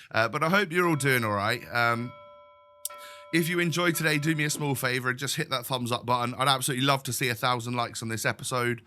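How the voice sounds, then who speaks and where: A man's voice: medium pitch, quick pace, bright, forceful tone. A young man hosting his gaming channel, chatting casually with lots of fillers while blocked up with a summer cold. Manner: chatty, rambling, many fillers. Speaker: gaming YouTuber. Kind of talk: casual video intro chat.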